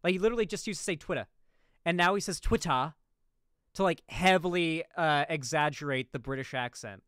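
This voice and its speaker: A man rambles through a casual reaction stream, doubling back on his words and tossing in asides. His voice sits a little high and comes across smooth and resonant. The sound is close and dry, with no room around it. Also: quick pace, a bit bright, no room sound. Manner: rambling, with frequent restarts and asides.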